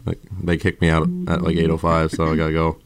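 A man's voice: rumbling low, completely flat delivery, fast, smooth. A young man hosting a casual radio show, dryly teasing a caller. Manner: dry teasing, amused. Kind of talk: casual chat.

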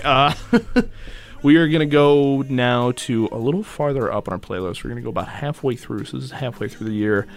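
A man co-hosting a podcast in casual chat, playful and laughing as he spins silly stories. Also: medium pitch. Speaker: podcast co-host.

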